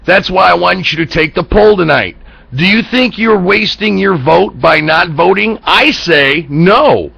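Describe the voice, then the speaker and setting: Man from the US, talk show host, political rant, blunt and profane, bright tense voice, high pitch. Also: a little slow, creaky, husky, no echo, muffled recording. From United States. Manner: blunt and profane, heated rhetorical questions.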